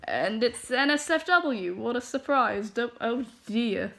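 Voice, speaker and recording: A woman's voice: fairly high pitch, expressive, slow, vocal fry, hardly any pauses, fairly bright tone. A woman reading fanfiction aloud, flustered, stumbling over words and laughing through her asides. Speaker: fanfiction reader.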